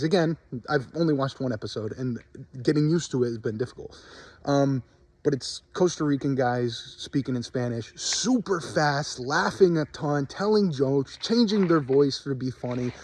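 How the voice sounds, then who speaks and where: A man talks to his camera outdoors in the cold, speaking at an ordinary middle pitch. His delivery is candid and rambling, full of "um" and "like" and self-corrections, as if he is thinking out loud for his viewers. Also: moderate pace. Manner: rambling and candid, lots of fillers and restarts. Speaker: vlogger documenting language learning. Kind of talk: casual talking-to-camera vlog.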